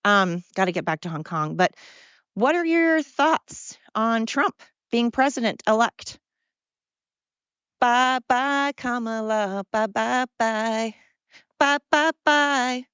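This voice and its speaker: A woman hosting a podcast in a casual monologue, excited, brash and mocking, swearing freely. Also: on the low side, smooth, no room sound, lo-fi sound. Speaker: podcast host.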